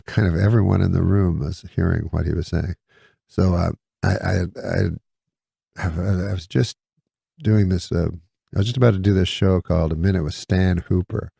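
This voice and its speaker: A middle-aged man telling a rambling deadpan anecdote with halting restarts as a comedian guest. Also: low-pitched, gravelly, slightly rough, no echo, studio quality. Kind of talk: casual anecdote on a podcast.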